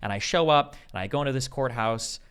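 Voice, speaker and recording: A man from Nebraska hosting a podcast, telling stories in an animated way and swearing freely. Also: medium pitch, a little fast, clean tone. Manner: profane, animated storyteller. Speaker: podcast host. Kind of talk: casual podcast chat.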